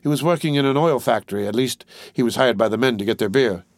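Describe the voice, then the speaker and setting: A man's voice: medium pitch, fast talker, no echo, clean studio sound, lightly acted. A man reading aloud, voicing a weary, desperate young woman in a raised, pleading tone. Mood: flat.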